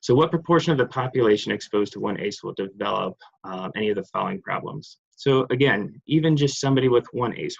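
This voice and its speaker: A man's voice: gravelly, breathy edge. A man giving an online clinical lecture over slides, rambling with many fillers, restarts and apologies. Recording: muffled, low-fidelity online session audio.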